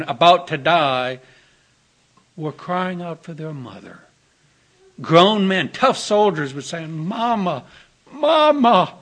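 A man preaching a gentle, earnest sermon, telling stories with soft dips and tender emphasis. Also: a little high. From Texas.

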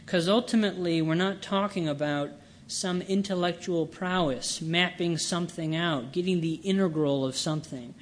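A man preaching a sermon, reading scripture and explaining it with slow, earnest emphasis. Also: fairly high pitch, a little hiss or hum.

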